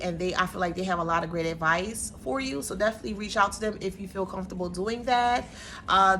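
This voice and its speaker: Woman doing a tarot reading vlog, sassy and chatty, bright punchy voice. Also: medium pitch, a little hiss or hum. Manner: sassy, chatty, playful slang. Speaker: tarot reader. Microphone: camera mic.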